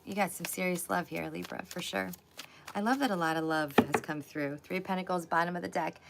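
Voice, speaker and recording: A woman doing a live tarot reading, chatty and excitable, laughing often. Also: on the low side, brisk, creaky, very noisy. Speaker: tarot reader.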